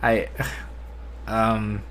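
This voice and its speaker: A man hosting a casual live-stream discussion, talking in a flat, unenthusiastic way and often restarting with repeated words. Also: very slow, a little hiss or hum. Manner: self-described monotone, low enthusiasm. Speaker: host.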